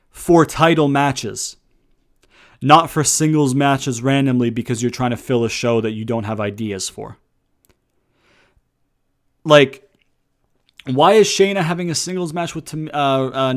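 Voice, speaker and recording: A young man talks through a wrestling show in a loose, unscripted rant. His voice sits at an ordinary middle pitch, and he keeps jumping from loud, fired-up outbursts to low, grumbled asides, with plenty of swearing along the way. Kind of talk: casual rant review.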